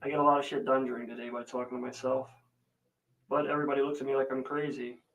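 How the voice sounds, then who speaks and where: A man's voice: medium pitch, flat delivery, fast talker, a bit bright, dull audio. A man hosting a casual livestream who rambles through a family story and greets viewers by name. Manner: rambling, chatty storytelling with many fillers. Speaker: livestream host. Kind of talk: casual live chat.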